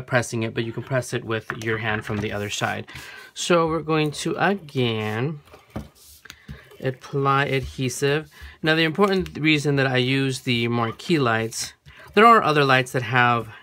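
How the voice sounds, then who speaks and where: Speaking at medium pitch over some background noise, a craft tutorial host talks through a hands-on demo at a home work table. They chat freely and often self-correct mid-sentence, with the camera framing the work surface.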